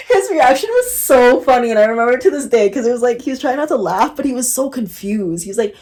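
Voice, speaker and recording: A woman's voice: high-pitched, expressive, fairly quick, darkish tone. A young adult woman talking candidly to the camera in a casual vlog, often laughing, leaning on "like" and swearing casually. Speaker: vlogger. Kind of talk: casual reflective vlog talk.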